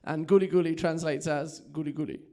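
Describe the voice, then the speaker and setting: A man's voice: a little high, fairly even intonation, fairly quick, darkish tone. A young English man doing stand-up, chatty and self-mocking, laughing at his own jokes in front of a club audience. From England. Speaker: stand-up comedian. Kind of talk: stand-up set. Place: comedy club with a live audience.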